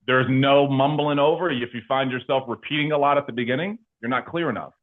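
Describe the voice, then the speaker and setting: Slangy, animated man on a tinny line. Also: medium pitch, a little fast. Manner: animated and slangy, full of filler words. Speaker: insurance agency leader and guest. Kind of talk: casual interview talk.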